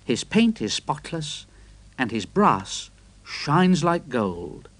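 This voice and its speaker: Give me a man reading a children's story slowly and expressively. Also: on the high side, very animated, a bit bright.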